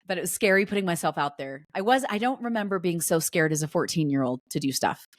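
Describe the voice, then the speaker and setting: A woman's voice: lowish voice, lively intonation, fast, no room sound. A woman in her forties hosting a homeschooling podcast, chatting casually and animatedly, laughing and restarting her sentences. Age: 40s. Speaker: podcast host. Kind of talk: casual solo podcast chat.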